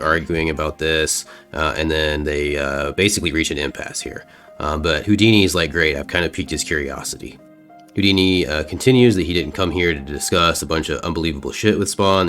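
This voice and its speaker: A man's voice: extremely low pitch, a bit bright. A man recapping a comic book issue in a casual, rambling way, with lots of fillers and casual swearing.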